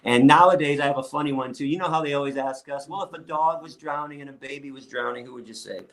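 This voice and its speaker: A middle-aged man with a somewhat high voice tells stories with heat and no filter. He cusses freely and jumps into other people's voices as he acts out scenes. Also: fast, a bit bright. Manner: blunt, profane, fired-up, acts out quotes. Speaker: guest lecturer and activist. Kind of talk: animated interview storytelling.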